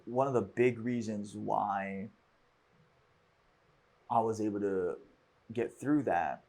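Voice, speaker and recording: A man with a fairly low, slightly husky voice hosts a casual podcast conversation. He talks in a reflective, halting way and often stops and restarts his sentences. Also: a little mellow. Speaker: podcast host.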